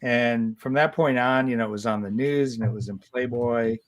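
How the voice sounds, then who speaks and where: A man in his sixties, a guest comic artist, tells stories in a casual interview. His mid-pitched voice is lively but halting, and he animates his tales while restarting often.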